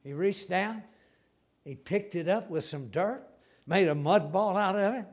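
A man's voice: high-pitched, measured pace. A man preaching a sermon in a folksy, emphatic way, repeating words and restarting phrases. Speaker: pastor.

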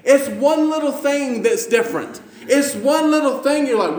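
A male pastor with a Western New York accent delivers a sermon as a string of jokey stories, often stumbling and restarting. His voice sits high for a man. It rings out in a roomy, echoey church. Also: normal speed, a little hiss or hum. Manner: jokey storytelling, stammering restarts. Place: church sanctuary.

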